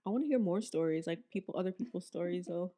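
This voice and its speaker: A woman's voice: lowish voice, quick pace, mellow. A young adult woman co-hosting a podcast in casual chat, laughing a lot and chiming in with short replies. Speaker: podcast co-host.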